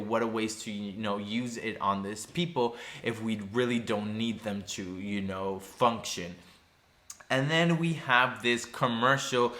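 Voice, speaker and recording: A man with a bright, forward voice talks through a TV episode in a loose, chatty recap. He leans on "you know" asides as he goes and now and then slips into lively put-on voices for the characters. His pitch sits in the middle for a man. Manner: acts out character lines in animated voices. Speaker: TV recap vlogger.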